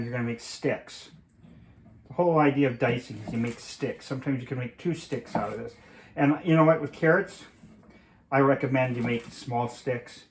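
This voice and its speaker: A man's voice: medium pitch, a little mellow. Chatty middle-aged man cooking, chopping behind. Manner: chatty, rambling asides, mild cursing. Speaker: home cooking host. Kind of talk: casual cooking demonstration. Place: home kitchen. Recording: clear chopping noise behind voice. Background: knife chopping and clicks.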